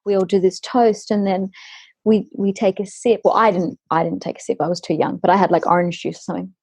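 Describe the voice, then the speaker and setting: A young woman from Australia, a singer and guest, telling an animated story in a casual chat over a video call. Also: mid-range voice, fairly quick, breathy edge, no room sound.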